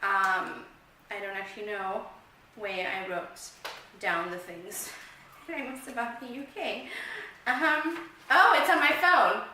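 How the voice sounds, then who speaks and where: A woman's voice: medium pitch, slow pace, sharp tone, slight background noise. A South African woman vlogging, casual and rambling, laughing at herself as she chats to the camera. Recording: very echoey room, mic far off.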